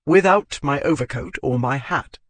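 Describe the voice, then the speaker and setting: A man voicing a flustered, lovesick young gentleman in an audiobook, with gruff, earnest delivery. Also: normal speed, no room sound, lightly acted. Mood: exasperated. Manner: gruff, earnest, low growls. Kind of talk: audiobook character voice.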